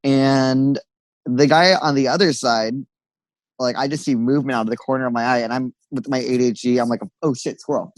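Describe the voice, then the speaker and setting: A man's voice: mid-range voice, steady tone, brisk, dry recording, poor audio. A young man in casual podcast chat, telling stories with sassy quoted asides and lots of swearing. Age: young adult. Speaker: podcast co-host.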